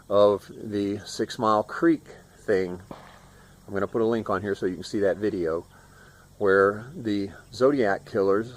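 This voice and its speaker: A man in his sixties from Florida, telling a personal story in a loose, rambling way and acting out the voices of the people in it. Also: on the low side.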